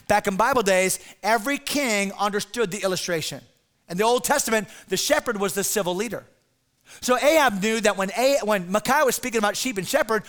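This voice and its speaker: A male pastor preaches with lively drama and a conversational touch. His voice sits very high for a man and rings bright and forceful. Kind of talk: sermon.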